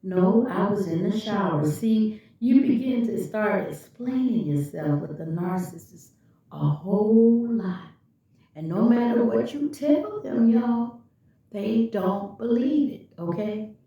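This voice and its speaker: A woman's voice: a little high, animated, slow pace, warm tone. A woman vlogger telling a personal story and speaking directly and emphatically to her viewers. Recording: echoey room, far from the mic, dull lo-fi.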